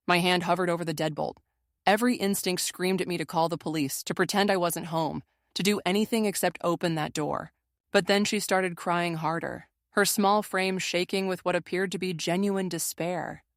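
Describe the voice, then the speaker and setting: Female narrator with a low voice, measured and steady, reading a dramatic first-person story, dry booth sound. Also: dry recording.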